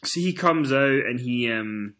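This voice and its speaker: Man, scottish accent, podcast host, casual chat, animated storyteller. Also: mid-range voice, a little slow. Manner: chatty storyteller, swears freely, acts out quotes.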